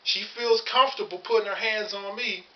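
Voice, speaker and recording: A man's voice: high voice, fairly even intonation, brisk. A man in his thirties telling his story to camera in a blunt, profane, angry rant. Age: 30s. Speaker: vlogger. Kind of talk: angry personal monologue to camera. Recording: dull lo-fi audio.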